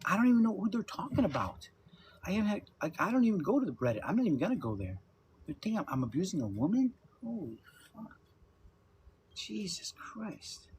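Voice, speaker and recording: A man's voice: high-pitched, very animated, fast, a little mellow, slight background noise. A man in his fifties hosting a casual livestream chat, laughing often and talking loosely with some swearing. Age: 50s. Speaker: livestream host. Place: at home with his dogs.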